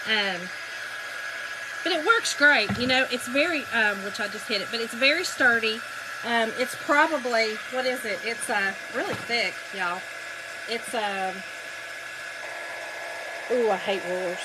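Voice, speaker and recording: A woman's voice: on the high side, unhurried, pauses often, background noise. Chatty Southern woman telling stories. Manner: chatty storytelling, addresses viewers as y'all. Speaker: craft livestream host. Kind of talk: casual crafting livestream chat.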